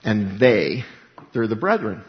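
A man's voice: fairly low pitch, sing-song, slow pace, big-room sound, muffled recording. A man preaching a sermon, emphatic, repeating key words and acting out little dialogues.

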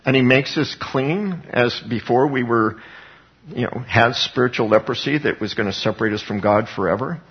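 A man's voice: medium pitch, normal speed, breathy edge. A pastor preaching a conversational sermon, asking his congregation questions as he goes. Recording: dull lo-fi recording.

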